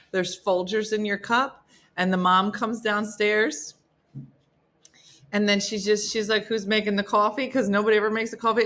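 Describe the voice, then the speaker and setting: Chatty, bright-voiced woman host. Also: fairly high pitch. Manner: chatty and jokey, talks to her dogs and to commenters. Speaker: host of a morning live stream. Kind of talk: casual live-stream chat reading viewer comments.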